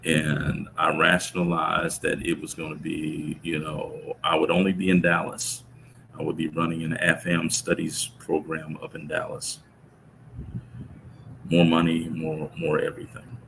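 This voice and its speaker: A middle-aged man telling a personal story about his son in an interview, speaking in a reflective, halting way with many restarts. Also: rumbling low, monotone, vocal fry, background noise. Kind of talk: conversational storytelling.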